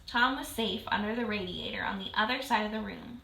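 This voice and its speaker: A woman reading a children's book aloud in a clear, steady storytelling manner. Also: mid-range voice, brisk, hardly any pauses. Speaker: reader. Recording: roomy echo.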